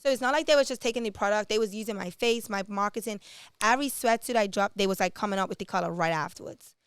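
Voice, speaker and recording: A woman's voice: medium pitch, fast talker, smooth, dry recording, clean studio sound. A woman entrepreneur from Bermuda, a podcast guest, telling her business story candidly and acting out the dialogue she quotes. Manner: animated, acts out quoted dialogue.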